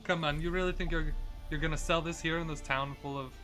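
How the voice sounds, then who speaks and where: A man's voice: fairly high pitch, fairly even intonation, quick pace, sharp tone, soft background music. A man voicing a pushy haggling adventurer with a put-on Russian accent, wheedling over prices.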